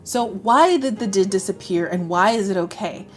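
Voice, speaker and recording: An American woman explains English phrases in a chatty, upbeat teaching voice at an ordinary middle pitch. Soft guitar music plays faintly behind her. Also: moderate pace. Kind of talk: explaining lesson to camera.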